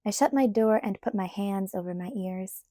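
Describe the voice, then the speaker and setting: A woman narrating a novel aloud in the first person with steady, measured reading. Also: medium pitch, no room sound, studio quality. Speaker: audiobook narrator.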